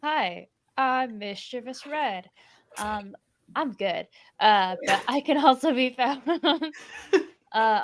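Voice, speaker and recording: A woman's voice: mid-range voice, a little hiss or hum. A woman player introducing herself in an easygoing, slightly hesitant way. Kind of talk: casual chat.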